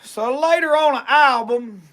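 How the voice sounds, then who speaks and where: A Southern man spins a comic hunting tall tale in a drawl, piling up clause after clause. His voice sits very high and bright, with a ringing edge. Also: a little slow. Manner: drawling, repeats "said" constantly. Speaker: storyteller.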